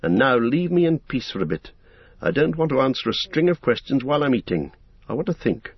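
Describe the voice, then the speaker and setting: A man voicing an earnest, serious young male hobbit in a measured, grave, thoughtful way while reading an audiobook. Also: mid-range voice, sing-song, slightly rough, dry recording, pitched above the performer's own voice. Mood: terse. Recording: dull, dry recording.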